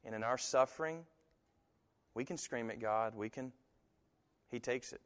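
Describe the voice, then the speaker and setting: A man preaching in a church with a long, ringing reverb behind his voice. His voice sits at a middle pitch, and he tells stories with animated delivery. He jumps up into other people's voices whenever he quotes them. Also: measured pace, smooth. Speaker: pastor. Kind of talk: sermon.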